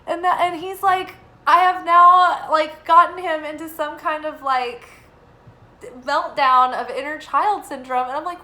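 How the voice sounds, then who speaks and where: Young woman, bright and fairly high voice, rambling casual reading with lots of fillers. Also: a little slow, low-quality recording. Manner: rambling, filler-heavy, animated when quoting. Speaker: tarot reader. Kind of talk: casual spoken reading and storytelling.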